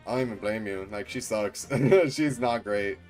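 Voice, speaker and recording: A man streaming a game, chatting casually, excitable and profane, laughing often. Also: lowish voice, moderate pace. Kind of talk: casual gameplay commentary. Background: faint game music.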